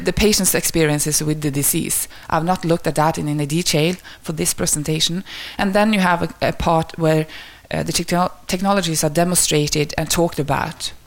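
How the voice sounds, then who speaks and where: A woman with a low voice gives an academic research presentation. Her tone carries a noticeable gravelly fry. She speaks hesitantly, pausing often with fillers and restarting her sentences.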